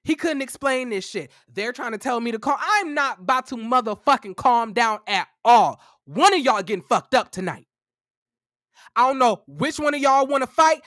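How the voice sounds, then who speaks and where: A man's voice: very high voice, expressive, moderate pace, sharp tone, no room sound, clean studio sound. A young man in his twenties tells a personal story in a casual, profane, fired-up way. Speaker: vlogger.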